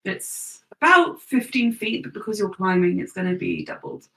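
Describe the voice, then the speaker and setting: A woman's voice: mid-range voice, huge pitch swings, moderate pace, gravelly, a bit bright, recorded from a distance, rough recording. A woman narrating as game master for a tabletop game, chatty and giggly.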